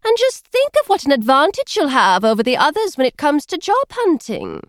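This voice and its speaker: A woman's voice: high voice, wildly swooping pitch, fairly quick, no echo, voice pushed up. A woman voicing a firm, practical middle-aged mother in a dry reading. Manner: firm, matter-of-fact.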